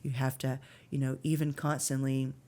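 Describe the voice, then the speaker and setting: Her voice is rumbling, low, and warm, with a flat delivery at normal speed. As a podcast guest in her thirties, she tells a sincere, emotional story about her faith and struggles, using many filler words.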